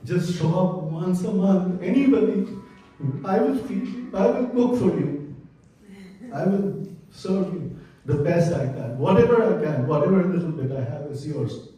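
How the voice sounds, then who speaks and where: A man's voice: high voice, animated, a little slow, mellow. A man giving an impassioned conference presentation, earnest and openly emotional as he pleads for help. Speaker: conference presenter for a devotional community. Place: large conference hall. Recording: echoey hall, voice far from mic.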